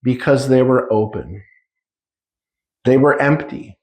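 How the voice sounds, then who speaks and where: Talking slowly in a medium-pitched, somewhat mellow voice, this man in his fifties leads a casual spiritual session before a live crowd. Acting out small exchanges, he varies his pace, keeping things conversational. A roomy echo surrounds him.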